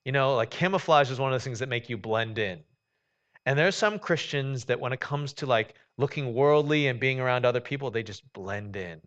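A man's voice: medium pitch, a little fast, a bit bright, highs cut off. A man preaching a sermon in a conversational way, with many fillers and restarts. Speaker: pastor.

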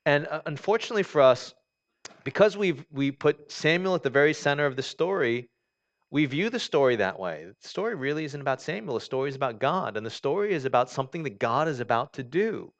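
A male pastor delivers a sermon in a relaxed, conversational way, reading scripture aloud. He often restarts his sentences and uses fillers. His voice sits at an average pitch, and the recording sounds dull and lo-fi. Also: a little fast.

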